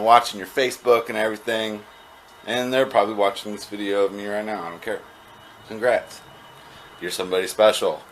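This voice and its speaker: A man's voice: mid-range voice, a little hiss or hum. A man talking casually to a home camera, rambling with fillers and repeated words. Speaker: vlogger. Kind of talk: casual home video talk.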